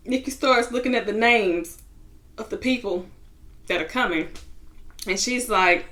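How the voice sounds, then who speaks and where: A young woman in a casual vlog, retelling a reality show episode with lively, slangy asides. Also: medium pitch, measured pace. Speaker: TV show reviewer.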